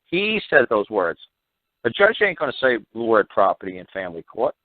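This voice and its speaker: Blunt, exasperated low-voiced male host. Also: very animated, brisk, no room sound. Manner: blunt, repetitive and exasperated, swears freely. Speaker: radio show host. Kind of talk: call-in talk show. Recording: narrow phone-like line, dry.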